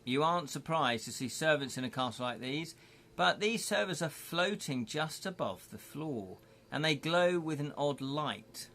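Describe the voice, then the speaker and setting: Male host for a live gamebook read, chatty, bright sharp tone, faint hiss. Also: on the high side, expressive, unhurried. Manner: chatty, jokey asides. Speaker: game host and reader. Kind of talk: reading a choose-your-own-adventure live.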